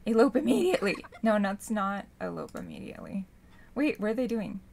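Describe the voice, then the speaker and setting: A young woman casually commenting on her own gameplay, gushing and squealing with excitement. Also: mid-range voice, a little fast, creaky. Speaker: gaming channel host.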